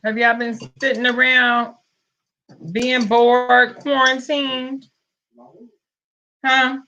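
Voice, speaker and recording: A woman's voice: a little high, level tone, extremely slow, pushed and bright, dull audio, a little hiss or hum. A woman with a Southern US accent hosting a casual livestream, greeting viewers by name and calling them pet names. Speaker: livestream host. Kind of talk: casual live-stream chat.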